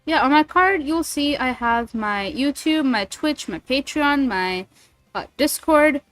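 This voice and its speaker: A woman's voice: sits high, expressive, a little slow, fairly bright tone, no room sound, faint music behind. A woman streamer chatting casually and rambling, swearing freely between thoughts. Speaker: streamer and voice actor. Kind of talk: casual livestream chat.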